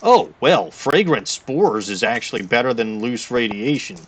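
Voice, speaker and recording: A man's voice: medium pitch, big pitch swings, unhurried, husky. A man streaming a game, chatting casually and rambling to himself as he plays, often correcting his own words.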